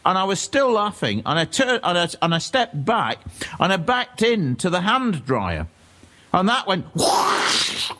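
A man, a historian guest, telling stories in a relaxed radio chat with frequent laughter. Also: high voice, normal speed. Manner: animated storyteller, laughs often. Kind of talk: casual radio chat, anecdote.

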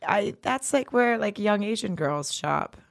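A woman's voice: medium pitch, animated, a little slow, vocal fry. Woman, podcast co-host, casual chat, blunt, teasing, laughs often, studio mic, office. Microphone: studio microphone.

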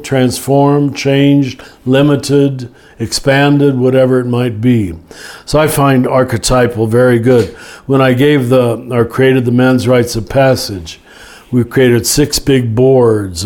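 Older guy, catholic teacher type, talks real slow, mid pitch, restarts a lot. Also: darkish tone. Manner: slow, reflective, with frequent restarts and lists. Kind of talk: relaxed spoken teaching in conversation.

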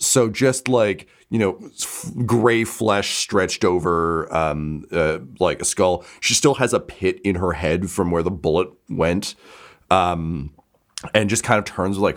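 Rambling low-voiced man running a tabletop game. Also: slow pace. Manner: rambling, full of fillers and restarts. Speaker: game master.

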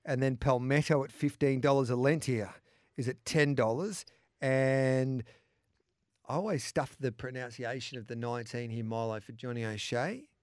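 A man hosting a casual racing podcast, briskly reading out runners and odds. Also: medium pitch, fairly even intonation, a little mellow, smooth, no echo, clean studio sound. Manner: reels off odds briskly, teasing banter. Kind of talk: casual racing preview chat.

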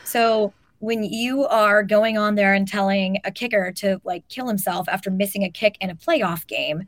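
A woman's voice: medium pitch, fairly even intonation, moderate pace, no room sound. A woman co-hosting a casual sports talk show, speaking emphatically and peppering her points with "like". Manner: emphatic, talks with filler "like". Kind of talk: casual opinionated chat.

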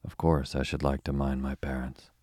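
A man's voice: a bass voice, flat delivery, moderate pace, darkish tone, no room sound, clean studio sound. A man reading as a stern strict father. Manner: stern, scolding.

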